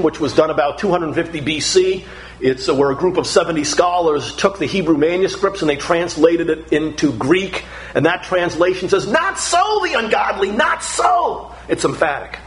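A man's voice: on the high side, poor audio. A middle-aged man preaching a sermon, emphatic and building through repeated phrases.

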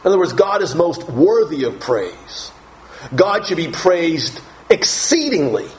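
A man's voice: fairly high pitch, sing-song, a little slow, a little hiss or hum, poor audio. A male pastor preaching a Bible-teaching sermon, reading verses aloud and stressing key phrases with strong emphasis.

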